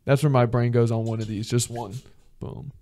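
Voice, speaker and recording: A man's voice: medium pitch, fairly even intonation, moderate pace, mellow. A man as a podcast guest, telling rambling, profane stories in casual chat. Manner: profane, rambling, acts out voices in his stories. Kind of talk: casual storytelling.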